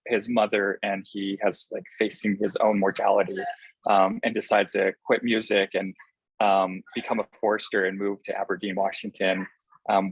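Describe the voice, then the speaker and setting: Husky low-voiced man, earnest director. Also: no room sound, rough recording. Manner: earnest, enthusiastic, halting with many fillers. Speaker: film director, interview guest. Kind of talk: casual interview answers.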